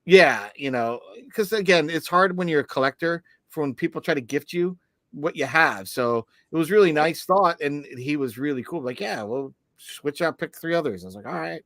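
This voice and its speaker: A man's voice: fairly high pitch, lively intonation, moderate pace, fairly bright tone, no room sound. A middle-aged man co-hosting a podcast, meandering through anecdotes and restarting his sentences. His voice sits mid-range and sounds dry and close. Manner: rambling, storytelling with restarts. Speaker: podcast co-host. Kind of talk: casual podcast chat.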